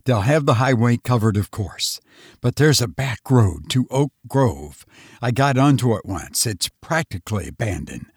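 A man voicing a grim, urgent husband and father, talking in a clipped, commanding, hurried way. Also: medium pitch, animated, breathy edge, dry recording, studio quality.

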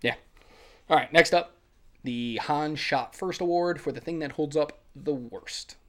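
A podcast co-host chatting casually about a film, laughing often and rambling excitedly. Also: medium pitch, a little slow. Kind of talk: casual film-review chat.

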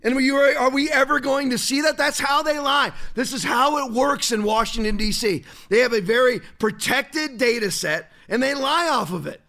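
A man with a high, sharp, forceful voice launches into a heated commentary rant. He stumbles and restarts often as he drives his points home. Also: normal speed, few pauses. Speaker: pastor and show host. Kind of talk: political commentary monologue.

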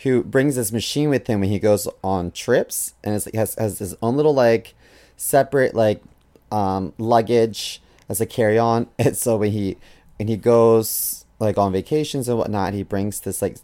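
A man's voice: on the low side, measured pace, dark tone. Rambling man joking crudely on a podcast. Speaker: podcast co-host. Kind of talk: casual chat.

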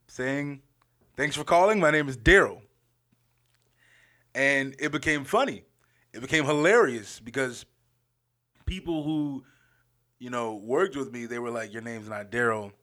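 A man's voice: medium pitch, sharp tone. A young man hosting his own podcast, telling a story in a casual, rambling way, repeating phrases and laughing often. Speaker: podcast host.

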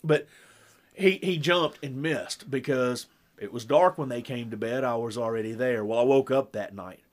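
At a normal speed and in a mid-range voice, a middle-aged podcast co-host chats casually about things at home. He's animated as he tells these stories, performing the dialogue he quotes.

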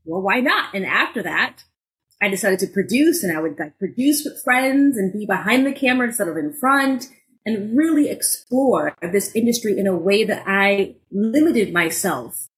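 Expressive woman co-host telling stories. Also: normal speed, low-quality recording. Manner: expressive, acts out moments with sudden loud high bursts; frequent filler "like". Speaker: podcast co-host. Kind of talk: casual podcast storytelling.

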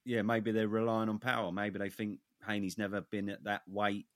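A man's voice: fairly low pitch, little pitch movement, moderate pace, fairly bright tone, dry recording, studio quality. A man co-hosting a boxing podcast, steering the topics and stating firm opinions. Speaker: podcast co-host. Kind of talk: casual boxing chat.

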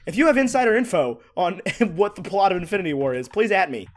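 A young man co-hosting a casual chat, excitable and teasing, quick with asides. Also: high-pitched. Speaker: podcast co-host.

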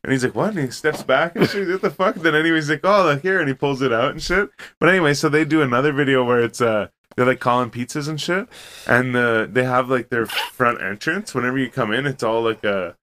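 A man's voice: mid-range voice, fairly quick, fairly bright tone. A man telling rambling stories to friends in casual chat, full of fillers and swearing. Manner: rambling storyteller, many fillers and swearing, laughs while telling. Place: room with friends sharing joints.

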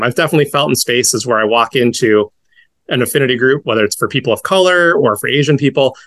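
A man in his thirties from the northeastern United States speaks as an interview guest. He talks in a reflective, measured way, often pausing on soft fillers, at a middling pitch. The recording is close and dry. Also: dry recording. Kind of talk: conversational interview.

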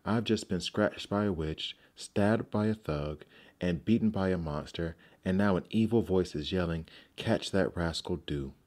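A man's voice: sits low, unhurried, darkish tone. A man voicing a terrified young robber in a storybook reading, speaking in frantic panic.

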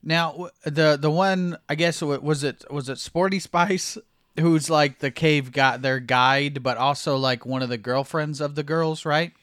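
A man's voice: on the high side, measured pace, a bit bright, smooth, no room sound, clean studio sound. A man from the United States co-hosting a film podcast, talking in a rambling, hesitant casual way. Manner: rambling, hesitant restarts, laughs easily. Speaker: podcast co-host. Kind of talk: casual chat.

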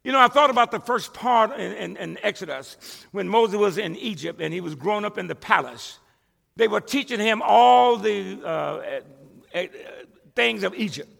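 A man's voice: sits high, expressive, moderate pace, creaky, fairly bright tone, in a large hall. A male pastor preaching a sermon to his church, emphatic and conversational, often stumbling and restarting words. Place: church sanctuary with a congregation.

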